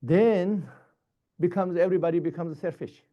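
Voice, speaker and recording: A man giving a Buddhist dharma teaching in short, halting, repetitive phrases. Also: high voice, muffled recording.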